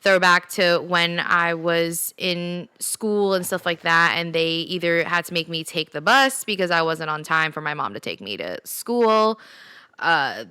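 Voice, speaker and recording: A young woman talks through a personal story on her own podcast, candid and chatty. Her voice sits a little low but sounds bright and smooth. The recording is dry and close. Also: a little slow, no echo. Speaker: podcast host. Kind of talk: solo casual podcast talk.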